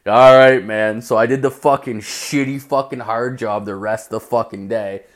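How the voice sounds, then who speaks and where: A man's voice: mid-range voice, normal speed. A young man telling a rambling work story in a casual rant, swearing constantly and leaning on "like".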